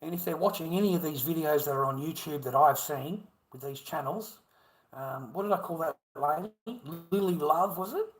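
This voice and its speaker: A man's voice: a little high, moderate pace, poor audio. A middle-aged man with an Australian accent, rambling through a profane livestream monologue and calling his viewers mate.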